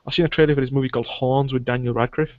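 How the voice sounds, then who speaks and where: British man, fast, excitable, jokey, dull dry recording. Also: mid-range voice, no room sound. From Britain. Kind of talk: casual chat.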